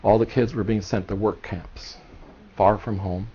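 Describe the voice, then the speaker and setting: Speaking a little slowly in a fairly low, steady and warm voice, a man in his 60s from Cuba recounts his story with earnest passion at a seminar. The dull lo-fi recording from the seminar room has a little hiss or hum.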